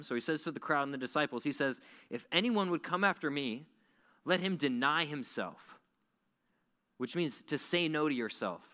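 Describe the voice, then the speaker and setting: A man preaching a youth sermon in a casual, animated way, full of "like" fillers. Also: fairly high pitch. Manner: conversational, animated, many "like" fillers. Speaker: youth pastor. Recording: echoey hall reverb.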